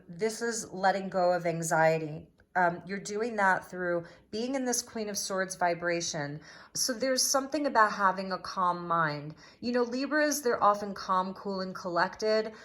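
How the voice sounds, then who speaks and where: A woman giving a spiritual tarot reading to camera, speaking gently and reassuringly with frequent "um" fillers, recorded on a phone. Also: mid-range voice. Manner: gentle, affirming, many "um" fillers. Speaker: tarot reader.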